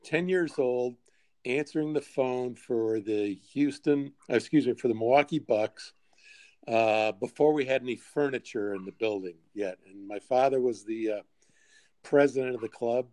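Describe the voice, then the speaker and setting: An older man in his sixties, a podcast guest telling lively anecdotes with frequent chuckles. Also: mid-range voice, normal speed, no room sound. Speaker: podcast guest, sports executive. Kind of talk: storytelling interview.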